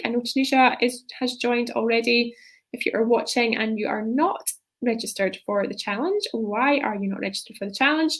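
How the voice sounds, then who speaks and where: A woman's voice: fairly high pitch, fairly bright tone. A woman leadership coach talking on a live stream in a loose, rambling way, often tagging her sentences with "right?".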